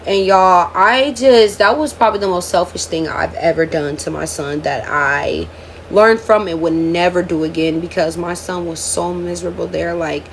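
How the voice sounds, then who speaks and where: A woman's voice: on the low side, normal speed, a little hiss or hum. A woman in her twenties telling her life story to viewers in a casual storytime vlog, emotional and candid, often calling out "y'all.". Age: 20s.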